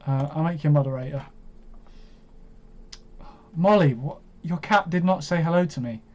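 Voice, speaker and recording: Man, 25, stream host; casual, self-mocking chatter, slightly high pitch, muffled lo-fi sound. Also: moderate pace, a little mellow. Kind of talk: casual live stream chat. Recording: dull lo-fi stream audio.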